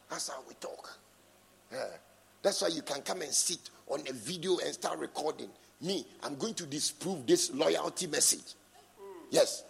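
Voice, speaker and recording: Gravelly, husky preacher in a reverberant hall. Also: male voice, a little high. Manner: emphatic, swings from soft asides to shouting; prompts the congregation for responses. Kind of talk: sermon with scripture reading. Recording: long reverb in a large hall.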